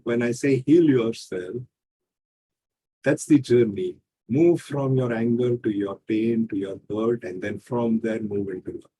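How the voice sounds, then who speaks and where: A man, a healing coach speaking in a measured, teacherly way with rhetorical questions. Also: medium pitch, warm tone, breathy edge, poor audio. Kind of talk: calm explanatory interview talk.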